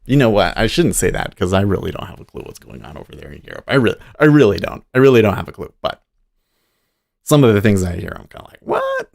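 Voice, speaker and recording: A man hosts a day trading livestream in a casual, easygoing chat. His voice sits low with a gravelly edge. He chuckles often and talks straight to his viewers. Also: very animated, quick pace, darkish tone. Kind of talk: casual live-stream chat.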